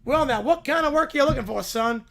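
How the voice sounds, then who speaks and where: A man's voice: very high voice, fast talker, gravelly, a bit bright, full character voice. A man playing a patient old farmer who speaks in a folksy drawl and calls people son.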